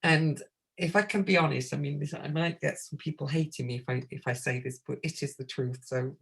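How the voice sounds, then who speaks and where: A woman from the UK, a guest astrologer in an interview, telling lively stories and acting out the phone calls she describes. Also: low voice, brisk, vocal fry, breathy edge. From United Kingdom. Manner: lively anecdote-teller who acts out quoted phone calls and laughs often. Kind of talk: casual interview storytelling.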